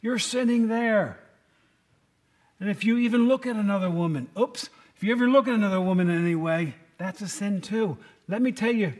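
A male pastor preaching a sermon in a conversational way, full of rhetorical questions and joking asides. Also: high voice.

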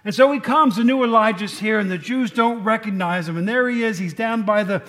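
High-voiced man preaching a lively sermon. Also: brisk. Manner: lively storytelling with asides and jokes. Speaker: pastor.

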